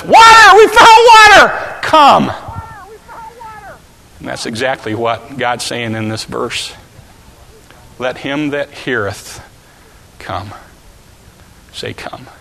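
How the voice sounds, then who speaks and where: Animated preacher in a reverberant hall. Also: male voice, medium pitch. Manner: animated storytelling with volunteers, shouting acted calls. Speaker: pastor. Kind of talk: sermon.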